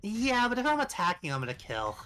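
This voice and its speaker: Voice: medium pitch, huge pitch swings, a little fast, fairly bright tone, soft background music. A player in a casual tabletop game, joking and playful about the turn.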